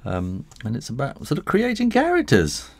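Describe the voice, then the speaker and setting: A man's voice: mid-range voice, wildly swooping pitch, moderate pace, gravelly, no echo. Chuckling man chatting while drawing. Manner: chatty and rambling, with frequent chuckles. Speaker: illustrator and author. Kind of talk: live drawing tutorial. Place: drawing studio near his house.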